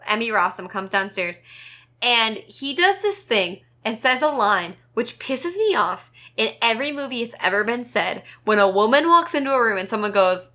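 A woman co-hosts a casual movie-review podcast, pitched a bit high with a bright, forceful tone. She rants in exasperation and swears freely. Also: very animated, moderate pace. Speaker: podcast co-host.

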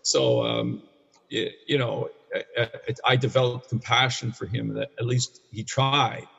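This guest, a Canadian man in his sixties who counsels men with addiction, has a steady, mid-range voice that's a little slow, gravelly, fairly bright, with a breathy edge. Telling a hard personal story candidly in conversation, he rambles and restarts, blunt and sometimes profane. The room recording is dull and echoey.

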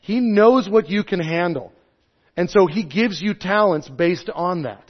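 A man in his thirties or forties preaching a sermon, stressing points loudly and then dropping to soft, low asides. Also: lively intonation, unhurried. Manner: emphatic, swings between loud stresses and soft low asides. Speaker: pastor. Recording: dull lo-fi sound.

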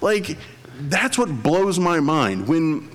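A man chatting casually as a podcast co-host, animated and laughing often, with rambling restarts. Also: fairly high pitch, takes it slowly, big-room sound. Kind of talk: casual chat.

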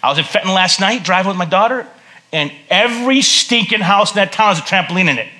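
A man preaching a sermon as a pastor in a church service, conversational and joking, swinging between loud bursts and hushed earnest tones. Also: high voice, animated, quick pace.

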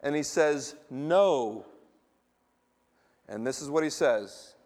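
A middle-aged man preaching to his church in a slightly higher voice. He sounds emphatic, putting questions to the listeners and slowing down to press his points. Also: expressive, darkish tone. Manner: emphatic, asks the congregation questions. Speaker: pastor. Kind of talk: sermon.

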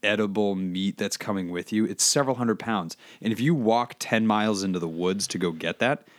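A man trades loose, joking talk as a podcast co-host. His voice sits on the low side. The sound is dry and close, with little room. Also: moderate pace, no room sound. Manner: joking, rambling. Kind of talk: casual chat.

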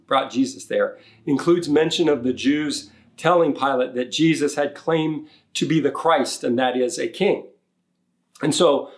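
A man preaching a sermon as pastor, telling the story in a conversational way and voicing the people he quotes. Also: mid-range voice. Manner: conversational, paraphrasing with animated quotes.

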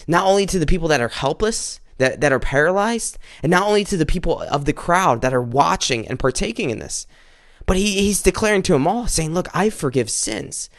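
A man's voice: fairly high pitch, no echo, studio quality. A man preaching a conversational sermon, often stumbling and repeating words as he goes.

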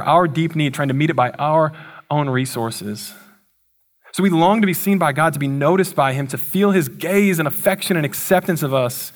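A man, a pastor preaching a sermon, telling scripture stories in a relaxed, slangy, conversational way. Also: on the high side. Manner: casual storytelling with slangy asides.

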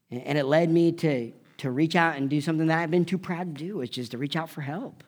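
A middle-aged male pastor preaching a sermon in a fairly high voice. He tells a personal story in a conversational way, climbing into loud, emphatic peaks and then falling to a near whisper. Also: a little fast.

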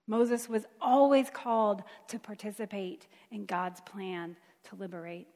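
A woman preaching a sermon in an emphatic, conversational way. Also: on the high side. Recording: long hall reverb.

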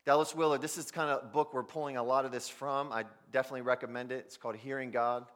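A man preaching a sermon, swinging between loud emphasis and near-whispers as he speaks directly to his listeners. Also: medium pitch, steady tone, quick pace. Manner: addresses listeners directly as "guys". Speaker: pastor.

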